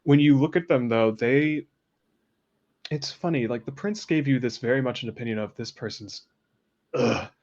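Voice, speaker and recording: A man narrating a tabletop roleplaying game as game master, describing scenes in a lively, chatty way. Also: mid-range voice, lo-fi sound. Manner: lively, descriptive, laughs easily.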